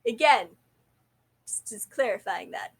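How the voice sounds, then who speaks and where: A woman's voice: a little high, animated, measured pace, vocal fry. A young adult woman telling a rambling, self-deprecating story to camera, often correcting herself mid-sentence. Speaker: vlogger.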